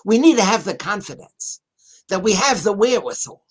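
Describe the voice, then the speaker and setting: A man's voice: high-pitched, very animated, a little fast, husky. A man, a rabbi appearing as a guest, teaching a Bible passage in an online interview, speaking earnestly and repeating his key phrases for emphasis. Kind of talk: Torah talk in an online interview.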